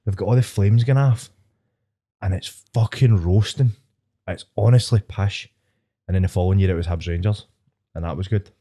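A man's voice: low voice, normal speed, pauses often, dark tone. A Scottish man in his twenties, hosting a podcast and telling a long, rambling, sweary story in casual chat. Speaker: podcast host.

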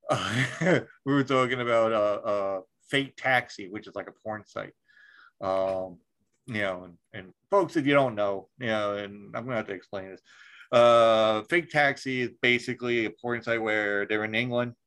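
A man's voice: on the low side, a bit bright, low-quality recording. Rambling swearing podcast host, man. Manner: rambling, swears freely, many fillers and restarts. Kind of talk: casual chat.

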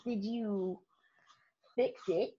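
A woman in a casual podcast chat, telling lively stories as a guest photographer and laughing often. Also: medium pitch, drawn-out words, husky. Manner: animated storyteller, laughs often. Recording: muffled lo-fi podcast audio.

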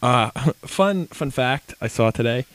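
Lively joking man, crude banter. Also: medium pitch, takes it slowly, no echo. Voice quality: crude, joking, laughs often. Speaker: podcast co-host. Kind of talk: casual chat.

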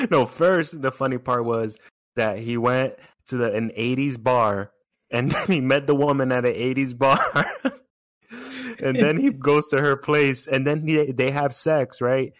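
A man co-hosting a podcast, chatting casually and excitedly, laughing often and restarting his sentences. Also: medium pitch, a little slow, dry recording, studio quality. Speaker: podcast co-host. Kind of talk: casual chat.

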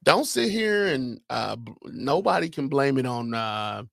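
A man co-hosting a sports podcast in casual chat, teasing and talking with lively emphasis. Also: mid-range voice, gravelly, no room sound, studio quality. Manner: animated, teasing, drawn-out emphasis. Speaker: podcast co-host.

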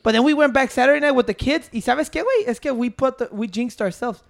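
High gravelly man. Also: fast talker. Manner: animated storytelling, heavy swearing, code-switching. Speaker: podcast co-host. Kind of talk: casual banter.

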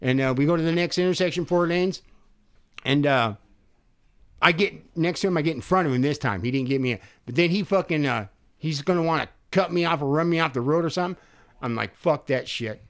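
An older man casually telling a profane, animated story on a podcast, acting out the quotes. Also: fairly high pitch, a little fast.

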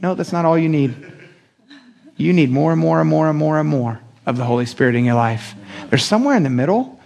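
Animated preacher man with a gravelly voice. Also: fairly quick. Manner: animated, acting out quotes with big pitch jumps; playful, joking with the congregation. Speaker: pastor. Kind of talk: sermon.

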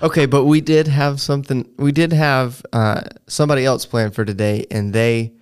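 A man's voice: mid-range voice, level tone, moderate pace, a little mellow, clear, resonant tone. A man co-hosting a podcast in a casual chat, easygoing, agreeable and wry. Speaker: podcast co-host.

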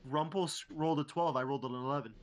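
A man chats as a tabletop player, casual and matter-of-fact. His voice sits a little high. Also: fast talker. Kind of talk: casual tabletop game talk.

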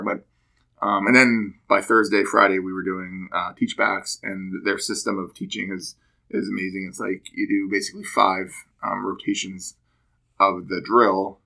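Gravelly and on the low side, this man's voice carries a relaxed podcast conversation about a training course. He brings his stories to life by performing the things others said.

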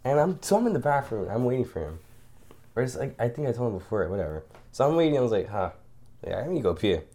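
A young man co-hosting a casual podcast, telling stories in an animated way, acting out quotes and laughing often. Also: medium pitch, fast. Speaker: podcast co-host. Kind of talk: casual chat.

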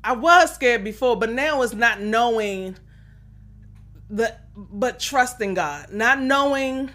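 A woman's voice: on the high side, slow pace, fairly bright tone. A middle-aged woman hosting a solo podcast, talking earnestly and encouragingly about faith and pushing yourself, with many restarts. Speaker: podcast host. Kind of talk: solo motivational podcast talk.

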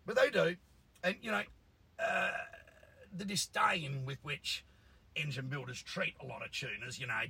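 A man's voice: fairly high pitch, a little slow, creaky, bright, forceful tone, husky, rough recording. A man, a car tuner ranting bluntly and swearing in a casual monologue. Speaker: engine tuner.

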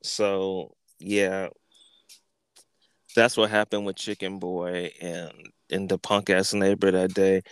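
Profane animated storytelling man. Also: low-pitched, slow, clean tone, dry recording. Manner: animated, profane, repeats words and acts out quotes. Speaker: podcast host. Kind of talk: casual storytelling.

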